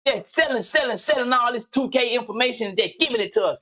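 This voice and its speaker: Loud, profane man ranting on camera. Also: very high voice, quick pace, few pauses. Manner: loud, animated, swings into shouting; slangy, repetitive, teasing. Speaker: gaming channel host. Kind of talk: profane comedic rant commentary.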